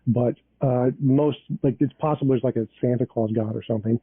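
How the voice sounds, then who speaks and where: A man's voice: mid-range voice, steady tone, a little fast, husky, no room sound. A man arguing in a live debate, insistent about getting his turn and explaining his position step by step. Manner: insistent, pleads for time to speak. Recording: dry tinny call audio.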